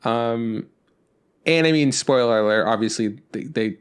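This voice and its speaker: A man's voice: mid-range voice, unhurried, clean tone. A man co-hosting a podcast in casual chat, rambling and swearing, with many restarts. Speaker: podcast co-host.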